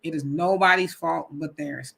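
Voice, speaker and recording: Bright-voiced woman hosting a live chat. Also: deep voice, moderate pace, vocal fry, breathy edge. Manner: animated, laughs often, reads comments aloud. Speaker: host reading live chat. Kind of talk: casual live-stream chat.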